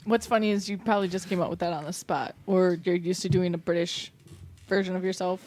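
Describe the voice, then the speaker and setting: A woman's voice: lowish voice, steady tone, fast talker, a little mellow. A woman hosting a podcast, asking upbeat, teasing questions in casual chat. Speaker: podcast host.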